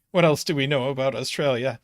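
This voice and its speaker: A man's voice: mid-range voice, no room sound, studio quality. A man hosting a live puzzle stream, joking with his chat and thinking aloud while he solves.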